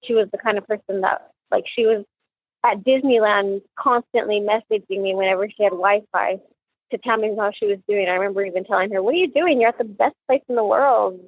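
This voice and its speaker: A middle-aged mother recounting her daughter's last days, halting and restarting often as she quotes conversations. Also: medium pitch, fairly even intonation, no echo. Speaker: mother of the victim, recounting events. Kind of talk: personal recollection interview. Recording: tinny phone line, dry.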